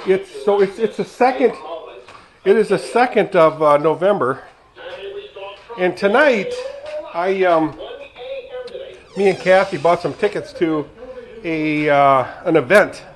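In a casual home cooking vlog with poor audio, a retired man in his sixties rambles to viewers while he cooks in his kitchen. His voice is fairly high.

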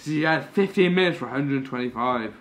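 A young man, a podcast guest telling anecdotes in a casual, animated way, swearing and laughing as he goes. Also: medium pitch, brisk. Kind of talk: casual storytelling.

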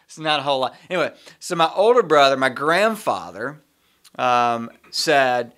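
Middle-aged male podcast co-host with a bright, forceful voice. He tells casual, lively anecdotes and laughs through them. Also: mid-range voice, unhurried. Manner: animated, laughs often while telling a story. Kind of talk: casual storytelling.

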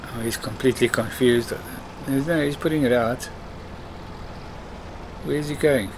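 A man at an ordinary mid pitch talks through his farming game in a loose, conversational way. He mutters to himself and tells off the game's clumsy drivers. A machine engine hums softly behind his voice. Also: a little slow, long pauses, slight background noise. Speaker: let's play host. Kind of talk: casual gameplay commentary.

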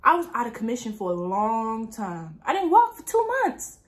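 A young woman vlogger telling a personal story in a casual, animated way, full of asides. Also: fairly high pitch, moderate pace. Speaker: lifestyle vlogger.

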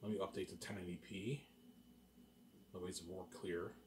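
Low-voiced rambling Canadian man. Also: fairly even intonation, normal speed, a little mellow, slight background noise. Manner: repetitive, restarts phrases, boastful daydreaming. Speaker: vlogger. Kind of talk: rambling casual monologue.

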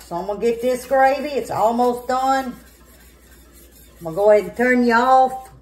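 A woman with a somewhat low-pitched voice, chatting folksy to her viewers as she cooks. She talks in a homey way while she works at the stove in her home kitchen. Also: slight background noise. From southern United States. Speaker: home cooking vlogger. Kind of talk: casual cooking demonstration.

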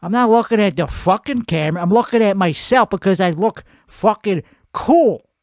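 Profane rambling man, lively pitch. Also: normal speed, dry recording, studio quality. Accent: put-on Italian-American. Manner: profane, rambling, self-mocking. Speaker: comedy show host. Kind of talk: rambling comedic monologue. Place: home at night.

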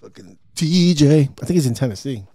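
A man's voice: on the high side, expressive, fairly quick, warm tone, breathy edge, no room sound, studio quality. A man hosting a podcast, telling stories in casual chat with lots of swearing and laughter. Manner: swearing, storytelling, laughing often. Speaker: podcast host. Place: studio.

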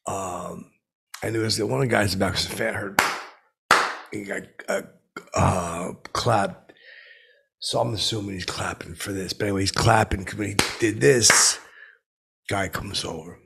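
A man telling a rambling comic anecdote, halting and full of fillers, with blustering asides. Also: low voice, vocal fry, fairly bright tone, slightly rough. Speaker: storyteller.

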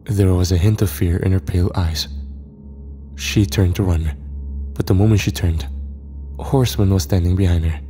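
A man narrating a first-person horror story in a steady, even manner. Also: low-pitched, moderate pace, long pauses.

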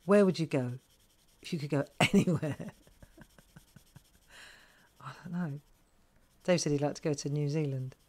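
A woman's voice: low-pitched, unhurried, long pauses, dark tone. A middle-aged woman hosting a live crafting tutorial, chatting to viewers and thinking aloud as she colours. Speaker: craft host.

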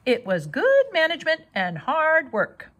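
A woman's voice: high voice, huge pitch swings, unhurried, fairly bright tone, pitched above the performer's own voice, full character voice. A woman voicing a fussy, proud mother goose who repeats herself in a chattering way.

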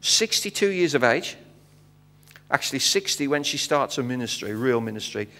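British man, middle-aged missionary guest preacher; animated storyteller, mid-range voice, recorded in a reverberant sanctuary. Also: mid-range voice, moderate pace. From Britain. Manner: animated storyteller acting out dialogue, frequent fillers. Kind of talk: storytelling sermon. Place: church sanctuary. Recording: long hall reverb.

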